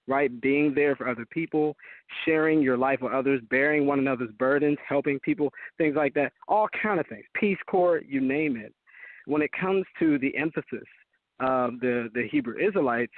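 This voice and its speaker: A man's voice: medium pitch, dry recording. A man speaking as a Christian apologist guest on a call-in show, emphatic and preacherly. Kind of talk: call-in talk show debate. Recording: tinny phone-line call-in audio.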